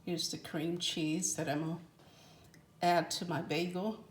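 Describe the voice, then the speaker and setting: A woman hosting a home cooking video, talking in a homey, unhurried way as she shows her baking. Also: lowish voice, level tone, slight background noise. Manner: homey, unhurried, repeats itself. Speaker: cooking channel host. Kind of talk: casual cooking demonstration.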